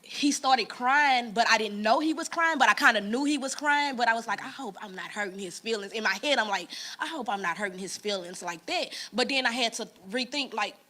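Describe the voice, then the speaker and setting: A woman's voice: fairly high pitch, a little fast, hardly any pauses. A woman, sharing a personal testimony in an earnest, conversational way. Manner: earnest storytelling, quotes people in lively voices. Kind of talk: casual church talk, personal story.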